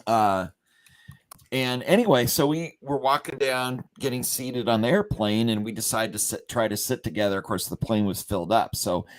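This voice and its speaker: A man hosting a company livestream, telling a rambling story full of fillers and restarts and acting out the quotes. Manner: acts out quoted lines with big pitch jumps. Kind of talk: casual storytelling chat.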